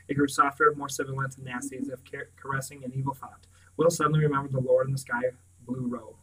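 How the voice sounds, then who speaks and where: A man reading a fantasy novel aloud, steady with small slips and restarts. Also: medium pitch, quick pace, breathy edge, recorded from a distance, rough recording. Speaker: reader.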